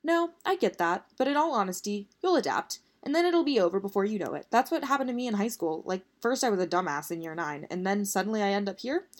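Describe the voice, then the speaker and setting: A woman's voice: mid-range voice, lively intonation, fast talker, hardly any pauses, lightly acted. A bubbly young woman at college, voiced by a woman reading aloud, upbeat and chatty in a storybook telling.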